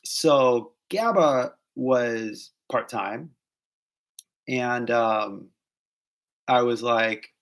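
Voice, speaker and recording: A man's voice: mid-range voice, very slow, pauses often, fairly bright tone. A man with an American accent, talking casually as an English teacher and actor, full of "like"s and switching between English and Japanese. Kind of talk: casual talking-head advice vlog.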